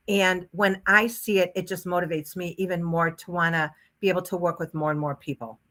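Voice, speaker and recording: A woman's voice: on the low side, fairly even intonation, moderate pace, fairly bright tone. A woman guest telling stories in a casual podcast chat, chatty and enthusiastic about her hypnosis work.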